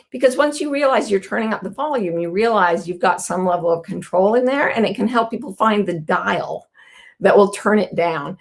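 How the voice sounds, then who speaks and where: A woman's voice: mid-range voice, animated, a little fast. A middle-aged woman hosting a casual live talk, telling stories earnestly and acting out quoted people. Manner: warm, earnest, storytelling with quoted voices. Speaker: host.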